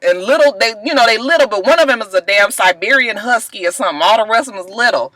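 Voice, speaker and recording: A woman vlogger giving a casual, animated and profane recap of a TV episode, acting out the characters' lines as she goes. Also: on the high side, fast, poor audio.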